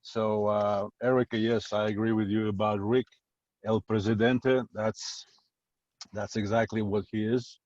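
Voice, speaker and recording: A middle-aged man from Uzbekistan, a guest on a video call, chats casually and plainly, his phrasing slightly non-native. His voice is fairly low, level and a little mellow, and he takes his time. The call audio is dry, dull and lo-fi, with no room sound.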